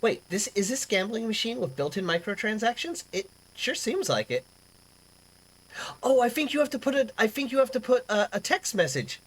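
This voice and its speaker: A woman's voice: a little high, sing-song, normal speed, breathy edge. A young woman hosting a live stream, chatting casually, rambling and swearing freely as she reacts to chat. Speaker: livestream host.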